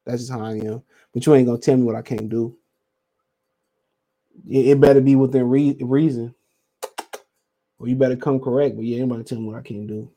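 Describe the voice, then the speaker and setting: This podcast host has a mellow, mid-range voice with a steady tone, speaking a little fast but leaving long pauses. Alone on his casual show, he rambles in slang and profanity and reads out comments from listeners.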